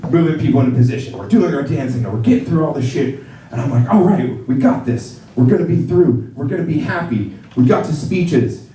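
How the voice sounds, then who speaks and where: A man doing stand-up comedy, telling a story in a profane, animated way and acting out the quotes as he goes. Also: medium pitch, slight background noise. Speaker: wedding professional. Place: comedy theater stage. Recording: roomy live stage sound from a distance. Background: audience laughter.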